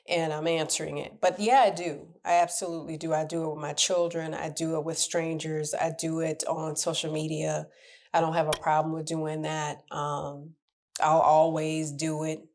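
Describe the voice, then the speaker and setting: A middle-aged woman coach giving advice in a casual talk, her voice pitched a little low. She speaks candidly and with animation, often acting out the people she meets. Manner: candid, animated, laughs and acts out quoted people. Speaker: relationship coach.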